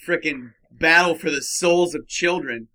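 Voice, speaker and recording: A man's voice: fairly high pitch, a little slow, pushed and bright. A man co-hosting a casual podcast chat, riffing with playful exaggeration. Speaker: podcast co-host.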